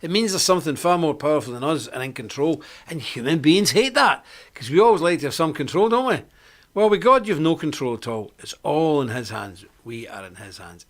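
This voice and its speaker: A man's voice: on the high side, sing-song, a little fast, fairly bright tone. A man hosting a live online report, delivering a combative, preachy monologue and repeating his points for emphasis.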